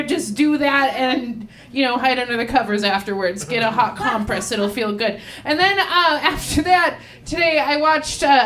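High-voiced rambling woman comic. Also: fairly bright tone. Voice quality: rambling, offbeat delivery. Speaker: stand-up comic. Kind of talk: stand-up comedy set. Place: comedy bar stage.

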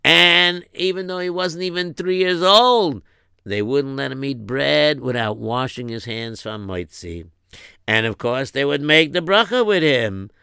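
A man narrates a story at an unhurried pace, folksy and sprinkled with Yiddish and Hebrew words. His voice is gravelly yet bright, recorded close and dry. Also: mid-range voice, dry recording. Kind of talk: spoken storytelling.

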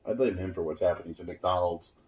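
A man's voice: sits low, fast talker, darkish tone, faint music behind. A man co-hosting a casual comedy podcast, sarcastic and wry, laughing often. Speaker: podcast co-host. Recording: dull lo-fi podcast audio.

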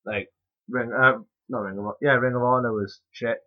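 In a steady, medium-pitched voice at normal speed, a young man hosts a casual podcast conversation. He rambles without much structure and swears casually, and the audio is muffled and lo-fi.

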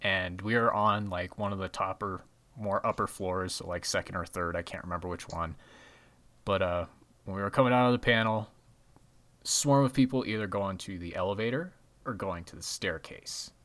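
A man's voice: deep voice, moderate pace, a bit bright. Laughing, swearing man co-hosting a podcast. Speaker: podcast co-host. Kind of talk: casual chat.

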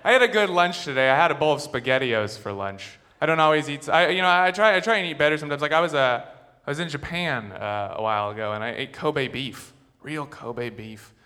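A man's voice: fairly high pitch, expressive, a little fast, bright, forceful tone. A man in his twenties performing a rambling, self-mocking stand-up set on a theater stage before a live audience. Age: 20s. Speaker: stand-up comedian. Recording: stage mic in a reverberant theater with crowd.

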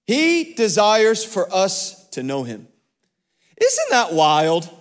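A man's voice: high voice, wildly swooping pitch, very slow. A male pastor preaching a sermon and calling on the congregation for responses, with emphatic repeats. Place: church sanctuary. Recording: long church hall reverb.

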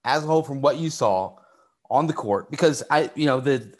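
A man's voice: medium pitch, lively intonation, moderate pace. A man hosting a casual sports podcast, asking long rambling questions and repeating phrases as he works them out. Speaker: podcast host.

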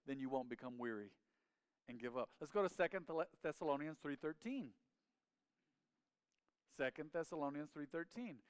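A man's voice: fairly high pitch, expressive, moderate pace, long pauses, clear, resonant tone, no echo. Resonant male pastor preaching with fervor. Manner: emphatic call-and-response preaching, leading the congregation in repeating phrases. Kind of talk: sermon. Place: church sanctuary.

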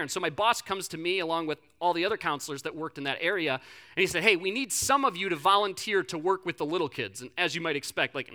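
Young male pastor, high and very bright voice, lively storyteller, casual fillers. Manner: animated storytelling, acts out quotes, frequent fillers and restarts. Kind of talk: sermon with a personal story.

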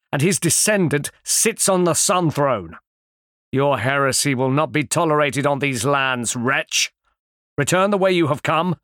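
A man's voice: a little high, fairly bright tone, dry recording, clean studio sound. A man voicing a proud, stern male noble who rides a dragon, speaking formally and commandingly in an audiobook. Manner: commanding, formal, speaks of himself in third person. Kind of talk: audiobook character voice.

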